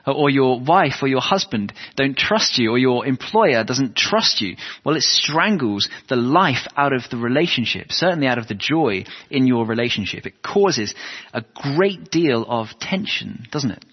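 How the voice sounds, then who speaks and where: A man's voice: medium pitch, animated, a little slow, breathy edge. A man preaching a sermon, earnest and asking his listeners rhetorical questions. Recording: dull lo-fi sound with long hall reverb.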